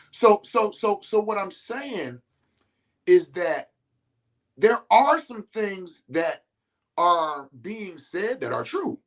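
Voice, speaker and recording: A middle-aged man hosting a podcast, giving a profane, preachy monologue to male listeners and jumping between calm talk and shouting. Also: high-pitched. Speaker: podcast host.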